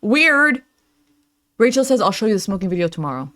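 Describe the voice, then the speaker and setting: A woman's voice: mid-range voice, very animated, racing, dry recording. A young adult woman hosting a reaction channel, talking casually with lots of fillers and frequent laughs as she reads out chat messages.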